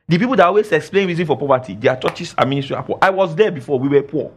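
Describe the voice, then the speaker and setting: A male pastor preaches to his congregation. He scolds and repeats phrases for emphasis, and his slightly high voice rises and falls a lot. Now and then he breaks into a laugh. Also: lively intonation, racing, husky. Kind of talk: sermon. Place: church.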